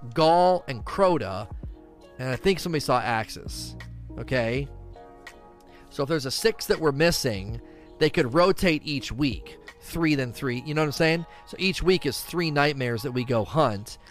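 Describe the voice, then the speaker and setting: Animated man chatting on a stream. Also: fairly high pitch. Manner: animated, rambling, reads chat questions aloud. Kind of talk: casual live-stream chat.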